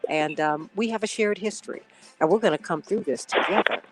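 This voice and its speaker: A woman hosts a live radio talk show. She speaks with impassioned, preacherly cadence, moving from warm address to firm conviction. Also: on the low side, a little fast, faint music behind, poor audio.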